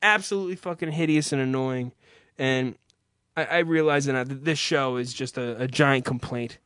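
Bright-voiced ranting young man. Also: medium pitch, moderate pace, smooth, no echo, studio quality. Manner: irritated, profane, ranting. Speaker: podcast host. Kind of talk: profane rant and ad read.

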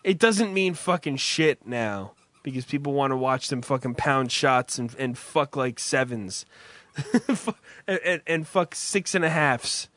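Animated profane storytelling man. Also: mid-range voice, no room sound. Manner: rambling storyteller, profane, many restarts. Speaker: podcast co-host. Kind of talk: casual chat.

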